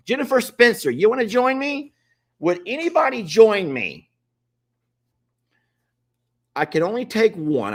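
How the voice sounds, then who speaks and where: A man casually hosting a livestream, chatting and pleading with viewers to join. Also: on the high side. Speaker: livestream host.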